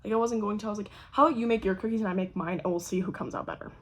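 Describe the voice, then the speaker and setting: A young woman casually telling a story to camera, animated and swearing freely, acting out the voices of the people in it. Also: medium pitch, very fast. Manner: animated, swears a lot, acts out quoted voices. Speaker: vlogger.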